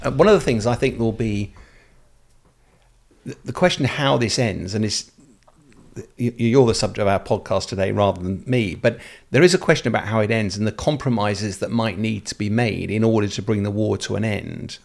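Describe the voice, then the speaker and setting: A man's voice: on the low side, normal speed, gravelly. A man hosting a podcast in a studio, asking long, thoughtful, rambling questions with fillers. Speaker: podcast host. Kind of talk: casual podcast interview.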